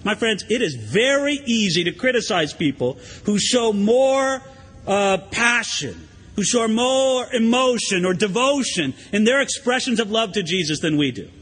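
A man with a high voice delivers a sermon in a church, his words trailing into a long hall reverb. He preaches conversationally and animatedly, as a pastor talking straight to his congregation. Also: animated, unhurried, fairly bright tone, husky.

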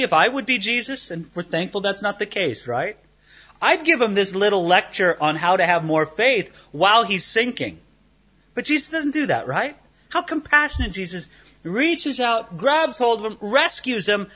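High-voiced animated male preacher. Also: muffled recording. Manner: animated storytelling with rhetorical questions. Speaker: pastor. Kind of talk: sermon.

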